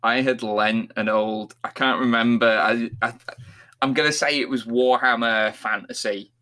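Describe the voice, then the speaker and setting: A man chatting casually on a podcast, playful and quick to laugh. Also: mid-range voice, fairly even intonation, sharp tone. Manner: playful, jokey, laughs often. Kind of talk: casual chat.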